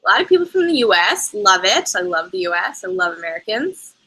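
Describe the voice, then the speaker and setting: A bubbly woman chatting live with her viewers about travel. Her voice is bright and forward, and she laughs often between her easy, casual answers. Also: medium pitch, big pitch swings, a little fast, breathy edge, rough recording. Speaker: travel vlogger host. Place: lives in Canada.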